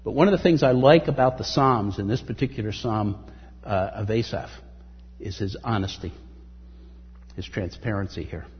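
A man preaching in a long, echoing hall, his voice very husky and breathy. The sound is dull and muffled. He reads scripture with rising emphasis and speaks earnestly between verses. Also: lowish voice, normal speed. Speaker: pastor. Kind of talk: sermon.

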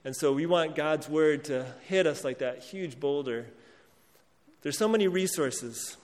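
An earnest male pastor delivers a sermon in a slightly higher than usual voice, with a long reverb trailing each phrase. He pauses and restarts often, then rises with emphasis on key lines. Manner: earnest, reads scripture aloud with rising emphasis.

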